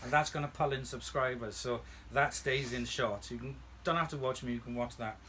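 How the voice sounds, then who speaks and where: A man's voice: mid-range voice, fairly even intonation, a little fast, fairly bright tone, slight background noise. A man hosting a vacuum restoration channel, chatting casually from home in a playful, teasing way. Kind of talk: casual chat. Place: home room.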